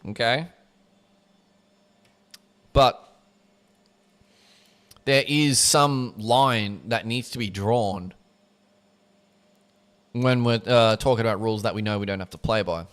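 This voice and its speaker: A man with a fairly low, slightly bright voice reads a book aloud on a livestream, going slowly with long pauses. Between passages he breaks off for casual asides that include swearing.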